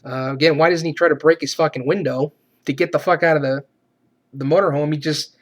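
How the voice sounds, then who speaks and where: A man reviewing a movie in a profane, exasperated rant, swearing often and shouting to mock the characters. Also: a little high, steady tone, a little fast.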